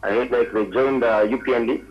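A man calling in by phone, asking hurried, hesitant questions. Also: mid-range voice, fairly even intonation, muffled recording. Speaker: caller. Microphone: phone call.

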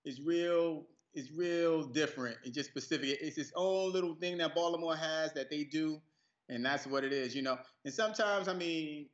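A man from New York City, a guest actor telling stories in a relaxed, casual interview, often laughing. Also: on the high side, moderate pace, echoey room, dull audio. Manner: laid-back, laughing storyteller.

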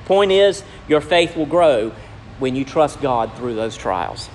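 Preacher with ringing hall echo. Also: male voice, medium pitch, expressive, takes it slowly, slight background noise. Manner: preaching with sharp swings between loud and hushed lines. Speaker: pastor. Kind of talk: sermon. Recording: long hall reverb with faint ambience.

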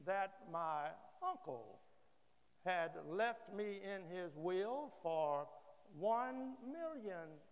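A man's voice: sits high, lively intonation, very slow, clear, resonant tone, lo-fi sound, full character voice. A male preacher voicing a depressed grown man who keeps crying over his inheritance, in a plaintive tone. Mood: self-pitying. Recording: long church reverb.

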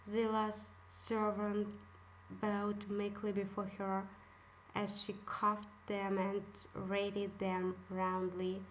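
A woman reading a fairy tale aloud as a storyteller, in a measured way. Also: medium pitch, slight background noise. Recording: dull lo-fi recording.

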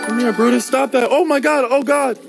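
Loud goofy male street streamer. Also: very high-pitched, a little fast, gravelly, over music, poor audio. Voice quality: loud, goofy and taunting, repeats phrases. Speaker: IRL streamer. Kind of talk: rambling live street stream. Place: outdoors on a city street and at a hotel door. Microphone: handheld phone.

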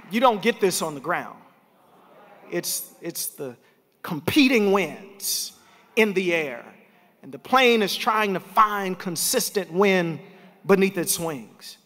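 A man's voice: high voice, bright, forceful tone. A man preaching a sermon as pastor, telling a story and building to emphatic points. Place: large church sanctuary. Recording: reverberant church hall.

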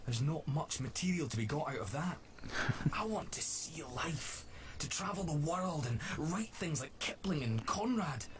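A man's voice: on the high side, a little slow, few pauses. An actor playing a young male innkeeper who dreams of being a writer, speaking in an earnest, wistful way. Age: young adult. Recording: steady background noise.

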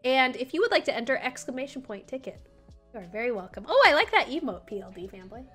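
A woman's voice: fairly high pitch, very animated, fast talker, fairly bright tone, breathy edge. A young woman hosting a casual livestream as community manager, chatting with viewers and cooing at her dog. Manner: chatty, talks baby-talk to her dog. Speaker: live streaming and community manager. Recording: faint music behind.

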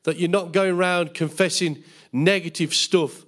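Animated pastor, high voice. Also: male voice, moderate pace. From England. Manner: animated, acts out quotes in a raised voice. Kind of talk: bible school teaching, sermon.

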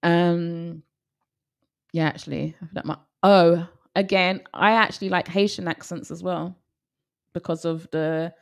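A woman's voice: fairly low pitch, steady tone, unhurried, vocal fry. A woman co-hosting a show, chatting casually and teasing her co-host, laughing often. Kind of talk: casual banter.

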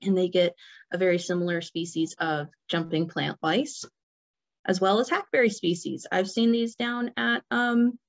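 A woman giving an informal illustrated lecture as a nature center presenter, relaxed and full of fillers and restarts. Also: on the low side, normal speed, gravelly. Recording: dull lo-fi recording.

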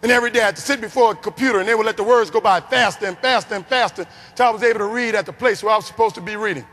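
A high-voiced keynote speaker from New Orleans, Louisiana gives a rapid-fire motivational storytelling speech in a large conference hall. He's animated and acts out the voices of his story's characters, with a long hall reverb on the recording.

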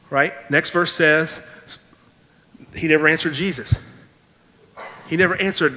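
A male pastor preaching a sermon, reading scripture and then acting out the people in it with lively, animated delivery. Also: a little high, moderate pace, pauses often, long reverb tail. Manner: animated preaching, acts out quoted voices. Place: church sanctuary.

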